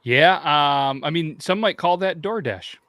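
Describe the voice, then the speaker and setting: A man's voice: on the high side, lively intonation, measured pace, fairly bright tone, no room sound. A man co-hosting a casual podcast, laid-back and tossing out dry quips. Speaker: podcast co-host. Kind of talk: casual banter.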